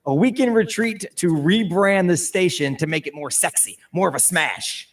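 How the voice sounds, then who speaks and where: Male radio co-host, measured storyteller, high lively voice, a bit off-mic. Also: distant mic. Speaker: radio morning show co-host. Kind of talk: playful radio banter, telling a story.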